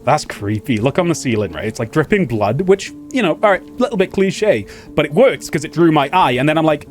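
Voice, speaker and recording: A man giving casual, excitable commentary while playing a video game, laughing often. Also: on the high side, a little fast, few pauses, soft background music. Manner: excitable, laughing, chatty asides. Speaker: gaming channel host.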